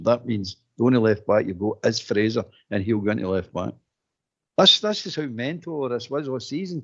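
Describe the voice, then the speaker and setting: A Scottish man co-hosting a casual football phone-in, talking in an animated way with repeated words. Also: medium pitch, husky. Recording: dull lo-fi phone-in audio.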